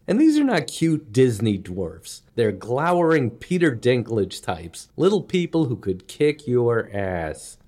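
Brief: male comic storyteller, wry and self-mocking, very expressive intonation, middle pitch. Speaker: comedian storyteller. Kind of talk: comedic storytelling monologue.

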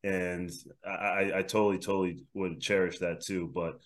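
A man hosting a casual podcast, upbeat and quick to laugh while asking his co-hosts questions. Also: deep voice, flat delivery. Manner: upbeat, laughs easily, gives shout-outs. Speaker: podcast host.

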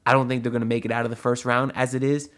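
Dude doing a solo sports podcast, mid-pitched voice, chatty, lots of uh's and tangents. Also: male voice, level tone, very fast, fairly bright tone. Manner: chatty and loose, with frequent "uh" and asides. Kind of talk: casual podcast commentary. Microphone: audio-only podcast mic.

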